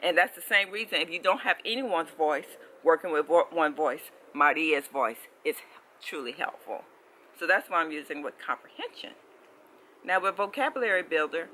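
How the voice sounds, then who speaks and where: A language-learning vlogger giving a casual explanation, animated and full of restarts, who keeps asking the audience "okay?". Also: medium pitch, normal speed, low-quality recording. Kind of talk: casual explanatory vlog talk.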